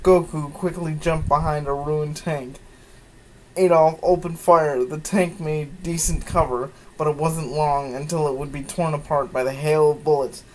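Male comic reader, slow mocking delivery with incredulous asides, faint hiss behind. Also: fairly high pitch, steady tone, darkish tone, poor audio. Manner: incredulous asides, sighs and laughs. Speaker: comedic fan-fiction reader. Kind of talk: mocking dramatic reading.

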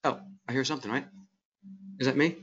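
A man's voice: medium pitch, steady tone, fast, fairly bright tone, slight background noise. Wry male finance instructor, lo-fi classroom. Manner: chatty, wry asides. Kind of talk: classroom lecture with running commentary. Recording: dull lo-fi classroom recording.

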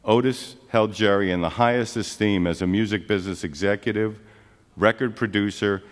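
Man, memorial speaker, steady formal letter reading, low pitch, long reverb. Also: moderate pace. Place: theatre stage.

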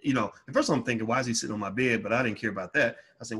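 A man telling a personal story in an emphatic monologue, growing loud and high-pitched when heated. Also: rapid-fire, slightly rough. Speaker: financial educator.

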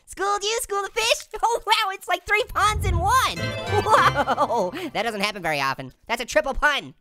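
A man voicing a hyper, pun-loving talking orange, hosting gameplay commentary in a squeaky, sped-up high voice with constant giggly laughs. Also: big pitch swings, normal speed. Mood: manic. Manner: manic punning, constant cackling laughs. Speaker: let's play host. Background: game music.

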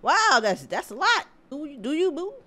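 A woman streamer reacting to memes live in a casual, animated way, exclaiming, swearing often and laughing. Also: high-pitched, normal speed.

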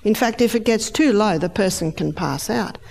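A middle-aged woman giving a lively health lecture, acting out the body's organs in high, excited voices. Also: normal speed, gravelly.

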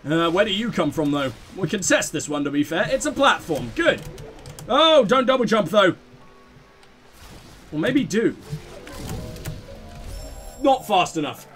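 A man hosting a let's play, giving excitable, self-mocking game commentary full of swearing. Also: sits high, a little slow, pauses often, soft background music.

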